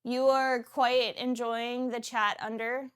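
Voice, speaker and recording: A woman hosting a casual cooking livestream from her kitchen, chatting in an animated, talkative way with sudden excited outbursts. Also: fairly high pitch, slow pace, clean tone. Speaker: cooking stream host.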